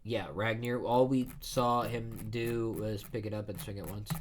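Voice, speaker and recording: A man's voice: fairly low pitch, fairly even intonation, unhurried, music in the background. A man hosting a casual reading and reaction, thinking aloud as he rambles through his thoughts. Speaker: manga reaction host.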